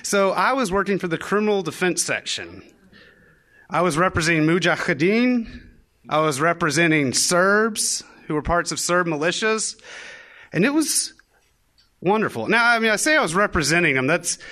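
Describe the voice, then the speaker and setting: At a moderate pace, in a high, expressive voice with a sharp tone, a young man tells a live audience an amusing story from his life on a venue stage. He's wry and self-mocking, acting out the lines he quotes.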